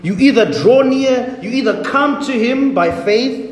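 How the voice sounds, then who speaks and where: A man's voice: extremely high pitch, a little slow. A man preaching a sermon as pastor, with emphatic, repetitive declarations. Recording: echoey hall, faint ambience.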